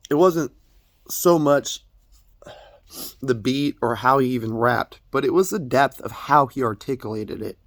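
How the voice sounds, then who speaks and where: A young man pours out a tearful, rambling confession, stumbling over his words and swearing often. His voice is gravelly, with a rough fry, and sits at an ordinary pitch. The sound is dry and close, with no room around it. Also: unhurried, a bit bright, dry recording. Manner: rambling, stammering, profane, tearful. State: crying. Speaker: vlogger. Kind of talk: emotional personal confession.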